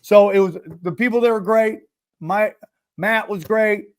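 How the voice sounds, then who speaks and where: A man hosting a podcast, telling a comedic story with animated, profane delivery. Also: sits high, a little slow. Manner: animated, swears freely, acts out quotes. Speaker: podcast host.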